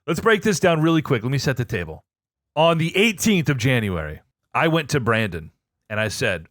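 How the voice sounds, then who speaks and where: A man co-hosting a podcast, telling a story in an excitable, profane way that swings between low asides and loud outbursts. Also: moderate pace, no room sound, clean studio sound. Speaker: podcast co-host. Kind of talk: animated casual storytelling.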